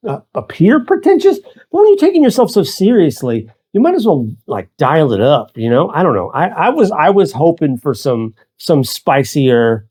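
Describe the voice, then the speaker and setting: A man's voice: on the high side, wildly swooping pitch, moderate pace, few pauses, darkish tone, slightly rough. A man co-hosting a movie review chat, laid-back and casually swearing.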